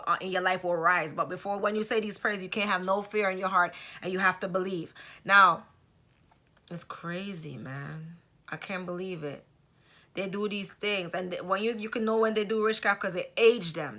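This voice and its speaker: Emphatic woman telling a story, bright tone. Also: medium pitch. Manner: emphatic, with rhetorical asides. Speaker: vlogger. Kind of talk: casual storytelling monologue.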